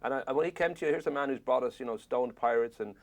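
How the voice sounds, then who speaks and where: A man's voice: mid-range voice, fast talker. An Irish man interviewing an actor, asking long rambling questions with jokes. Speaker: film interviewer.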